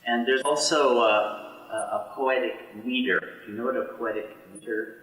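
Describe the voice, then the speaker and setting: A man leading a small study session on poetry, explaining slowly with many fillers and reading verse aloud. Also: fairly even intonation, fairly bright tone. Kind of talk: teaching poetry to a small group. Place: room with a small study group. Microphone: boom mic. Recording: roomy hall, boom mic from a distance.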